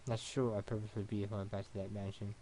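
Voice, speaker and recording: A man's voice: fairly low pitch, flat delivery, racing, mellow, a little hiss or hum. Man reading a visual novel aloud.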